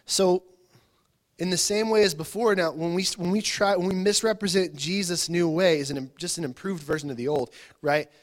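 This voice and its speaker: A man preaching to a congregation in an informal, chatty way, his voice sitting a little high for a man. He stumbles over repeated words and keeps asking his listeners questions as he talks. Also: normal speed. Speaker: pastor. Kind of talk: conversational sermon.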